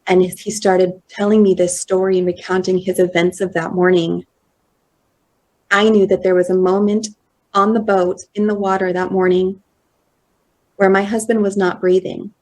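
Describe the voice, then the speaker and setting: A woman in her thirties giving a personal storytelling talk at a conference, slow and measured, acting out quoted dialogue. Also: medium pitch, level tone, darkish tone. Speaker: conference speaker. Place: conference hall.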